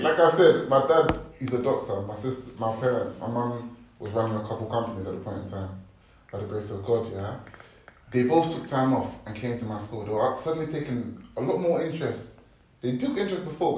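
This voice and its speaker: A young man, casually telling an animated story, laughing often and using slang. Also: medium pitch, a little hiss or hum. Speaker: podcast guest storyteller. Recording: echoey room, mic at a distance.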